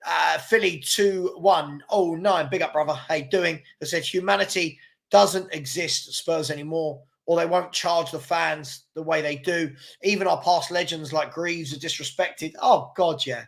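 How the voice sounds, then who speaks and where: A man's voice: fairly high pitch, steady tone, normal speed, gravelly, a bit bright. A man hosting a casual livestream, rambling, repeating words and reading out viewer comments. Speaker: fan channel host.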